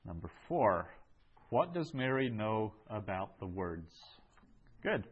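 A man teaching a Greek class, going over answers in a slow, measured way with many ums and uhs. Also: on the low side, sing-song, breathy edge, narrow, tinny audio.

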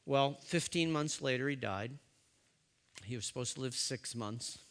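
A man telling a personal story, speaking haltingly with fillers and restarts. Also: medium pitch. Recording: long hall reverb.

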